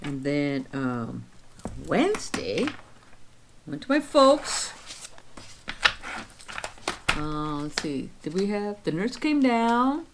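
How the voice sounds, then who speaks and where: A woman's voice: low voice, very animated, extremely slow, pauses often, noisy background. A woman in her sixties chatting casually on her vlog, counting her savings aloud and telling stories of her week. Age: 60s. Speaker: vlog host. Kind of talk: casual chat.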